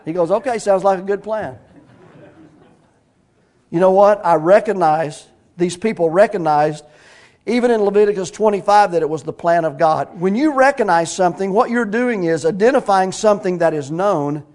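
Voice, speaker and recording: A man's voice: sits high, moderate pace. A middle-aged man, a pastor preaching a sermon in a folksy, storytelling way. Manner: storytelling preacher, animated, folksy, with shouts of praise.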